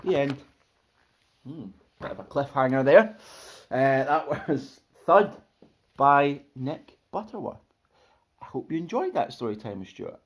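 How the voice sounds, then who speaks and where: A man reading a children's storybook aloud with expressive, lively narration. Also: mid-range voice, a little slow, slightly rough.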